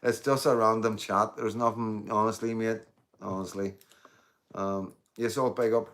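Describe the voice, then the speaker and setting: A man's voice: on the low side, fairly even intonation, unhurried, fairly bright tone. Rambling man chatting live. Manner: rambling, swears freely, addresses viewers as mate and guys. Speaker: livestream host. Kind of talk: casual live chat with viewers.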